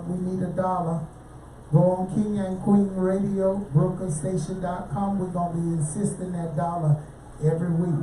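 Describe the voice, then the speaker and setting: Hosting a laid-back radio program, this woman has a dark tone, little pitch movement, and a normal speaking speed. She chats with guests, asks questions, and keeps slipping into appeals for donations, all captured on a distant mic in a roomy space with faint background noise.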